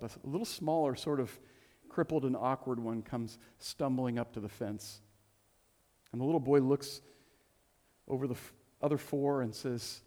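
A man's voice: medium pitch, mellow. A middle-aged man preaching a sermon, telling a story with humor and often repeating words as he goes. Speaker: pastor. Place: church hall. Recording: long hall reverb.

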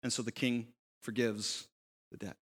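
A man's voice: mid-range voice, measured pace. A man preaching a sermon, telling a parable with rhetorical questions and acting out the characters' lines. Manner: animated storytelling, voicing characters in quotes, rhetorical questions. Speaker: pastor. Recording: long reverb of a hall.

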